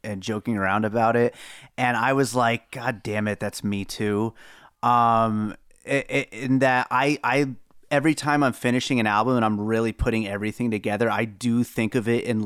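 Guy with a clean smooth voice, mumbly and unsure, podcast chat, dry mic. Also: mid-range voice, a bit bright, no room sound. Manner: mumbling, hesitant, laughs often. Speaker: podcast co-host, musician. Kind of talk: casual chat.

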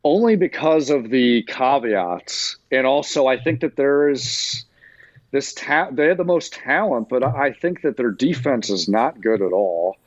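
A man, a sports writer, giving a measured, caveat-heavy analysis as a guest in a casual talk. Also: mid-range voice, lively intonation, no echo, muffled recording.

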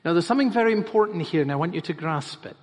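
A man's voice: a little high, animated, very fast. A man preaching a sermon as pastor, emphatic and repeating phrases for stress. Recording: reverberant hall.

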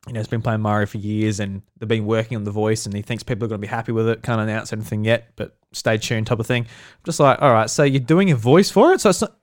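An Australian man co-hosting a podcast at a casual pace. He laughs often, swears freely and drops into quick voices when he retells what someone said. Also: on the low side. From South Australia. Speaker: podcast co-host. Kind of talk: casual chat.

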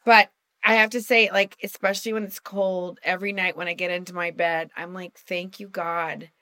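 A woman's voice: mid-range voice, little pitch movement, a little fast, sharp tone, smooth, no room sound, studio quality. A woman co-hosting a casual video podcast, chatty and laughing often as she acts out little quotes. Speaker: podcast co-host.

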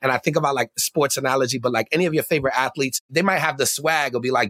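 Animated, slangy man on a podcast. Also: mid-range voice, quick pace, no room sound, clean studio sound. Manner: animated, slangy, laughs often, acts out his own voice. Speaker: podcast guest. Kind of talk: casual conversation.

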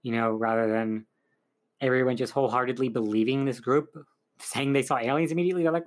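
A man's voice: mid-range voice, steady tone, quick pace. A man casually recapping a film's plot as a reviewer, rambling with lots of fillers. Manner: chatty, rambling, full of "like" and "um". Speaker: film reviewer.

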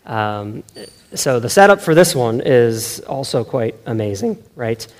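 A man's voice: mid-range voice, measured pace. A man preaching a sermon in a loose, conversational way, often checking in with the room and restarting his sentences. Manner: conversational, self-correcting, keeps asking "right?"; animated, laughs often. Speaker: pastor.

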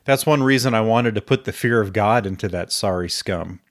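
Man reading stern lady starship captain, low flat voice, dry sound. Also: moderate pace, dry recording, natural voice. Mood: grim. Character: grim resolute woman starship captain.

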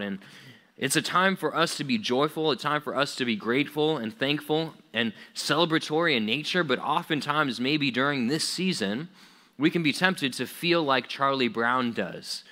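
A man's voice: a little high, bright, forceful tone. A young man preaching a casual youth sermon, loose and chatty, full of "like"s and acted-out quotes. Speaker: youth pastor.

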